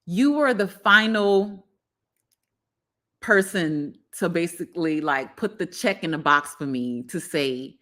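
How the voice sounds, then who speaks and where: Slow-talking Southern woman hosting a livestream. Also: fairly low pitch, lively intonation. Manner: warm, effusive, repeats her thanks. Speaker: gardening channel host. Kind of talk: casual livestream chat.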